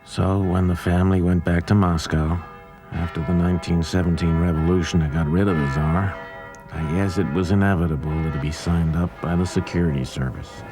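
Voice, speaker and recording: Very deep-voiced male documentary narrator. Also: fairly even intonation, a little fast, hardly any pauses, over music. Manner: reflective, conversational.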